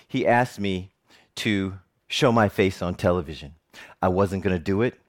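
A man's voice: sits low, moderate pace. A middle-aged man giving a personal storytelling speech, humorous and self-mocking. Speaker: TV reporter giving a talk.

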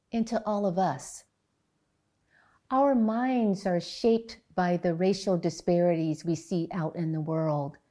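A woman psychologist with a warm, mid-range voice gives a public talk. She tells a story and explains research in a measured, deliberate manner.

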